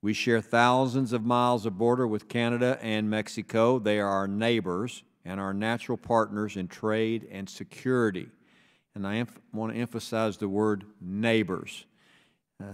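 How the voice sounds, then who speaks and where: Low-voiced man chairing a hearing. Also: steady tone, smooth. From Texas. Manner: measured, deliberate, slows for emphasis. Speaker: subcommittee chairman. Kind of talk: formal opening statement at a hearing. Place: congressional hearing room. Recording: reverberant hearing room.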